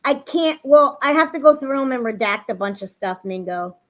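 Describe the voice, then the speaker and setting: On a casual livestream, a female host talks emotionally to her viewers and swings into heated, angry rants. Her high voice is a bit bright, with lively intonation at a moderate pace. The audio has a lo-fi livestream quality.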